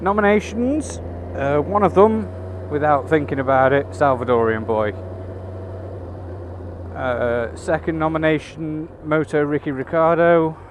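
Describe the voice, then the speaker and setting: Riding through city traffic, a man with a slightly high voice chats a little slowly into his helmet camera mic. He swears freely and makes wry asides, and road and engine noise fill the background.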